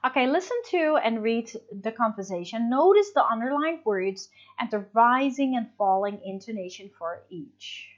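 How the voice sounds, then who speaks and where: A woman's voice: fairly high pitch, animated, normal speed, hardly any pauses. Casual woman teacher explaining things on a video lesson, lots of "like" and "you know", kinda dull lo-fi sound. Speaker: English teacher. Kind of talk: recorded online lesson.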